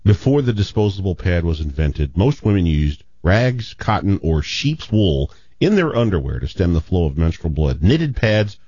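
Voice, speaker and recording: A man's voice: sits low, big pitch swings, moderate pace, hardly any pauses, dark tone, husky, no echo, highs cut off. A man co-hosting a radio show, reading out trivia facts with some stumbles. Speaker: radio co-host. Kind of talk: casual radio chat.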